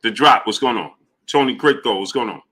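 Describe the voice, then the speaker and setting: A man's voice: mid-range voice, a little fast. A man hosting a live boxing talk stream. He greets viewers one by one in a loose, casual, slangy way. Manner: loose, repetitive shout-outs in a friendly drawl, slips into slang.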